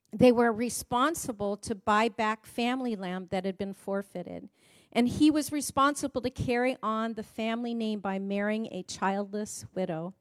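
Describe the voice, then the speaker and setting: A woman, a pastor's wife, preaching a sermon in a building, repetitive cadence that swings between loud emphasis and soft hushed passages. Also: fairly high pitch, no echo.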